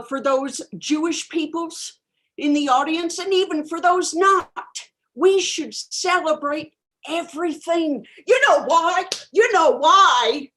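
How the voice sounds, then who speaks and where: Woman doing flaky new-age guru, high voice, slow drawl, rambling, improv comedy. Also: bright, forceful tone, heavily acted. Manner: dreamy, rambling, self-absorbed. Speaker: improv performer. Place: home bedroom.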